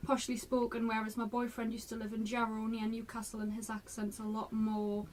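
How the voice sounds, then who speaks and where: A young woman with a mild North East England accent talks in a fairly high, flat voice. She answers chattily and thoughtfully, with the odd um. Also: fairly quick, a little hiss or hum. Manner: chatty, thoughtful, a few ums. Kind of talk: casual interview answers.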